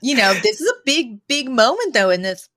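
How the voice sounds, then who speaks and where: A woman co-hosting a podcast, talking in an animated, casual way with lots of fillers. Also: a little high, moderate pace. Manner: animated, chatty with many fillers. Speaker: podcast co-host. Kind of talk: casual chat.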